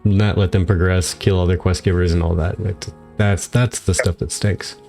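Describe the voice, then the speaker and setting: A man with a very deep voice hosts a podcast, relaxed and easygoing, laughing often. Faint background music sits low in the mix. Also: normal speed, gravelly. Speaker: podcast host. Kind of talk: casual podcast chat.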